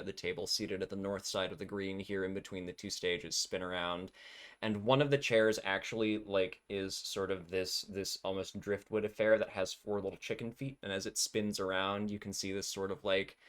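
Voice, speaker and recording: A man narrating a tabletop game as game master, rambling with many ums and likes. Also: lowish voice.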